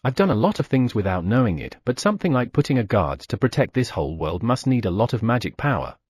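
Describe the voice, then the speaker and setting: Husky-voiced man reading an audiobook. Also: mid-range voice, very animated, fast talker, darkish tone, dry recording, studio quality. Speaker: audiobook narrator. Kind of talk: first-person audiobook narration.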